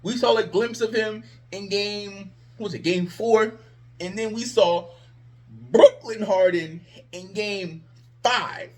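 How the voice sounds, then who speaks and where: Male sports vlogger, slightly high voice; sarcastic, exasperated ranting fan commentary. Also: takes it slowly, darkish tone.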